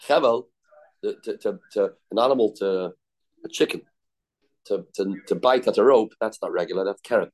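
A man's voice: fairly low pitch, normal speed, a little mellow. A man giving a casual Talmud class, repeating terms and restarting sentences often. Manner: informal, restarts often, repeats terms, mixes Hebrew and Yiddish words. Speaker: Talmud teacher.

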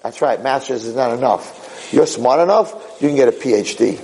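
A man giving a sermon as a rabbi, animated and conversational, repeating phrases for emphasis. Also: mid-range voice, moderate pace, vocal fry, poor audio.

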